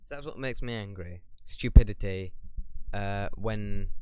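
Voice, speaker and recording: A man's voice: on the low side, a little slow, background noise. A young man in a casual question-and-answer vlog, talking bluntly in a rambling, opinionated way. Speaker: YouTuber.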